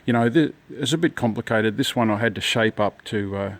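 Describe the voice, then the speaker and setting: A man's voice: lowish voice, a little fast. Rambling man showing DIY tools. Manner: rambling, many ums and restarts. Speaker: home DIYer. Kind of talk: casual DIY walkthrough.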